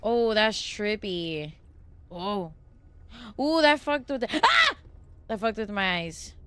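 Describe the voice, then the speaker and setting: A woman's voice: medium pitch, expressive, takes it slowly, fairly bright tone, clear, resonant tone. A young adult woman streaming a horror game live, easily spooked and swearing, chatting to viewers and thanking them between frights. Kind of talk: casual live gameplay streaming.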